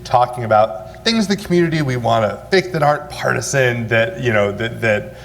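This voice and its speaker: Male moderator, mid pitch, affirming and wrapping up; big-hall reverb. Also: lively intonation, brisk, creaky, slight background noise. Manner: affirming, wraps up and thanks the panelists. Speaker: panel moderator. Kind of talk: panel discussion. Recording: long reverb in a large hall.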